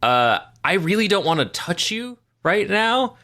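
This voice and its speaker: A man's voice: sits high, sing-song, measured pace, pushed and bright, pitched above the performer's own voice, heavily acted. A man playing a cold corporate character who hesitantly weighs the cost of saving a life. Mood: calculating. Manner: hesitant, calculating.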